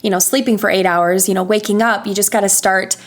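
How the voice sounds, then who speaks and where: A woman voice coach in a podcast interview, patiently explaining vocal warm-up exercises and demonstrating hums and sighs. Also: mid-range voice, fairly even intonation, fairly quick.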